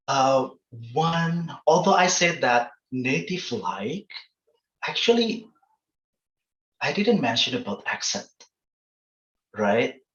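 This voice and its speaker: A man with an Indonesian accent giving relaxed feedback as a presenter in an online workshop, with lots of fillers. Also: mid-range voice, reverberant, highs cut off. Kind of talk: casual online workshop talk.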